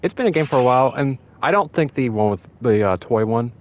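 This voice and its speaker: A man co-hosting a casual gaming chat, rambling and excitable, often breaking into laughs. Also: medium pitch, quick pace, muffled recording. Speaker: podcast co-host.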